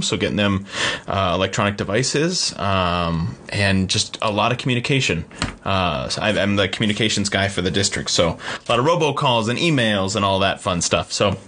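A man's voice: fairly low pitch, fairly bright tone. A man co-hosting a podcast from his home office studio, talking in a friendly, chatty way with plenty of fillers. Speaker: podcast co-host. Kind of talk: casual podcast chat.

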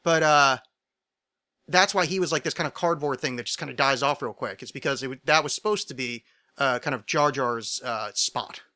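A man on a casual podcast, rambling excitedly and swearing freely as he explains a fan theory. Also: medium pitch, normal speed. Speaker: podcast co-host or guest.

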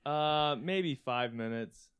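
A young man spins a long, meandering anecdote among friends on a podcast. He keeps chuckling mid-sentence, and restarts and asides pile up as he goes. His tone is relaxed and conversational. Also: fairly high pitch, slow, clear, resonant tone. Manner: rambling, laughs often while talking. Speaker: podcast co-host. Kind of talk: casual chat, anecdote telling.

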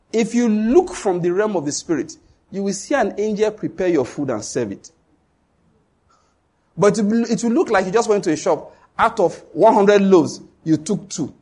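A middle-aged man, preaching a sermon in an animated storytelling way. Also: high voice, breathy edge. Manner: storytelling, animated, with sudden loud acted outbursts. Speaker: pastor.

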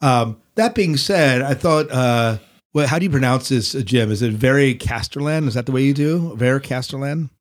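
A man's voice: mid-range voice, lively intonation, normal speed. A man hosting a casual podcast book discussion, rambling and teasing his co-hosts. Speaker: podcast host.

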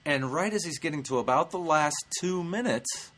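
A man's voice: fairly high pitch, animated, moderate pace, fairly bright tone. A male stand-up comedian hosting his show, telling a story in a brash, profane way. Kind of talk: comic storytelling vlog.

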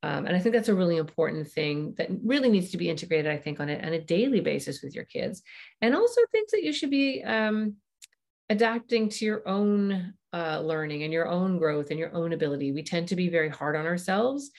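A woman's voice: lowish voice, lively intonation, fairly quick. A woman hosting a parenting podcast, explaining ideas in a conversational way with frequent ums and uhs. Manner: warm explanatory, frequent fillers.

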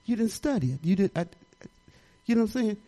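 A woman's voice: medium pitch, big pitch swings, quick pace, warm tone, rough recording. An older woman pastor talks her sermon more than she preaches it. Her delivery is folksy and conversational, wandering into personal stories and asides. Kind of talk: informal testimony sermon.

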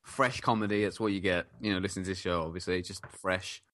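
A male podcast co-host with a fairly low voice, bantering in a relaxed, joking way. He talks casually and trades quips with the host. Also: fast talker. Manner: joking, laid-back banter. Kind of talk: casual chat.

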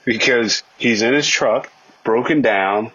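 A man's voice: medium pitch, takes it slowly, a bit bright, husky. A man giving argumentative commentary on a court case, asking rhetorical questions and acting out quotes. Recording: dull lo-fi recording.

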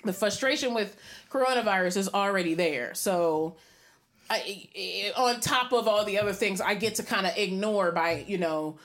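A woman's voice: medium pitch, moderate pace, a bit bright. A woman co-hosting a podcast, talking openly and reflectively about how she feels at home. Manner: open, reflective, rambling. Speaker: podcast co-host. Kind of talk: casual chat and reflective check-in.

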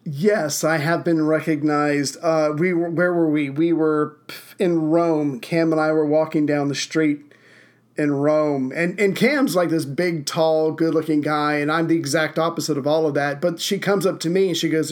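A man's voice: a little high, fairly even intonation, normal speed. A man hosting a podcast, telling stories in a casual, self-deprecating way. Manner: self-deprecating, chatty storyteller. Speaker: podcast host.

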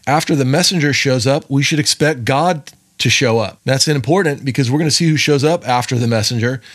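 A man hosting a Bible study podcast, explaining scripture step by step in a relaxed conversational way with frequent asides. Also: medium pitch, brisk. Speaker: Bible teaching podcast host. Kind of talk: casual Bible teaching.

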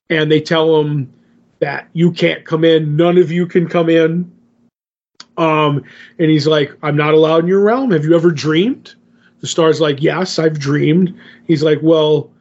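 A man talks through a comic book plot in a loose, rambling podcast chat, paraphrasing what the characters say. His voice sits a bit high for a man. The recording sounds muffled and lo-fi. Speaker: podcast co-host. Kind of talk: casual comic book recap.

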